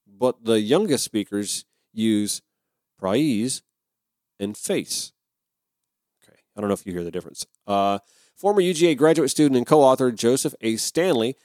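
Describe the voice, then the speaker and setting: A man's voice: medium pitch, darkish tone, no room sound, clean studio sound. A man from Georgia hosting a podcast, reading an article aloud and breaking off into conversational, self-deprecating asides. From Georgia, USA. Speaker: podcast host.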